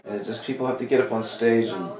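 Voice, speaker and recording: Animated man in his forties telling stories. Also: medium pitch, fast, a crowd in the background. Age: 40s. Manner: animated, acts out quoted dialogue. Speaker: comedy club talent coordinator. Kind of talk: casual interview storytelling. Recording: echoey room, mic at a distance.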